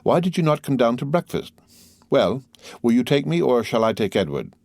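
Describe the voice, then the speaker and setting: A man voicing a composed aristocratic lady with a calm, questioning manner. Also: mid-range voice, moderate pace, vocal fry, no echo, clean studio sound, pitched above the performer's own voice. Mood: inquiring.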